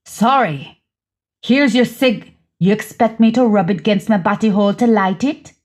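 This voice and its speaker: A woman voicing a smooth-talking, patronizing man who keeps placating his lover. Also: mid-range voice, moderate pace, natural voice.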